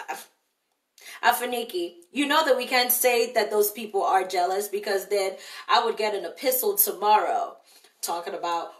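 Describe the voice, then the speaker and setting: A woman's voice: medium pitch, normal speed, a bit bright. A woman hosting a live online show, giving emphatic, direct motivational talk and answering viewer comments. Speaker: livestream show host. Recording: echoey, distant livestream audio.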